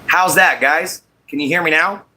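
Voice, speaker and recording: A man's voice: a little high, normal speed, sharp tone, slight background noise. A man hosting a casual livestream while making a walking stick, greeting viewers by name and apologizing about his audio. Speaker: livestream host.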